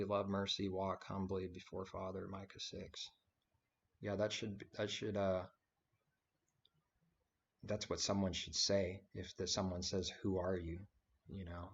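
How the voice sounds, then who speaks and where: Low flat-voiced man preaching casually. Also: slight background noise. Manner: rambling and conversational, with many fillers and restarts. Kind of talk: informal spoken sermon. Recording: dull lo-fi recording.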